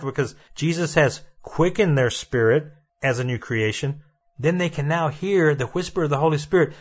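A man's voice: a little high, lo-fi sound. A male preacher giving a sermon, emphatic and repetitive, addressing his listeners directly.

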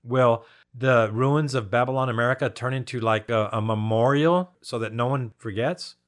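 A man's voice: mid-range voice, normal speed. A man teaching on Bible prophecy, reading scripture and asking his listeners rhetorical questions in an emphatic style. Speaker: preacher.

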